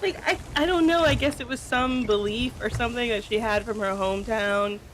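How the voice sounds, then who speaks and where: A woman telling anecdotes in a casual voice chat, quick and filled with "like". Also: a little high, a bit bright, slight background noise. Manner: fast anecdotes full of "like". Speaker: streamer's friend.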